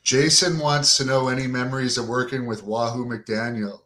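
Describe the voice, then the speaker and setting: A man's voice: mid-range voice, flat delivery, moderate pace, fairly bright tone, slight background noise. A man interviewing a guest, asking brief, plain questions, some of them passed on from fans. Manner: brief, plain questions read from fan requests.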